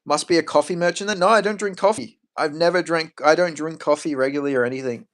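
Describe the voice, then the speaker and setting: A man's voice: a little high, fast talker, a bit bright. A man chatting casually on a stream. He rambles, swears freely and answers questions from chat.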